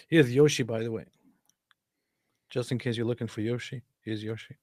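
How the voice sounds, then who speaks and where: A man's voice: medium pitch, fairly even intonation, moderate pace, a little mellow, dry recording, clean studio sound. Man reading live chat aloud. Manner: reads viewer comments aloud, chuckling asides. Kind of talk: casual live-stream chat.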